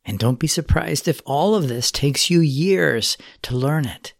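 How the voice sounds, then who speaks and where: A man giving a sermon, speaking in an earnest, measured way as he exhorts his listeners. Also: on the high side, expressive, creaky, no echo, clean studio sound. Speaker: preacher.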